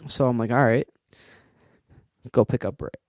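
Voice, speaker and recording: A man's voice: medium pitch, level tone, normal speed, darkish tone, no echo, clean studio sound. A young man co-hosting a podcast, telling a rambling story with lots of "like". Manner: rambling storyteller, heavy use of "like". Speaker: podcast co-host. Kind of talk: casual chat.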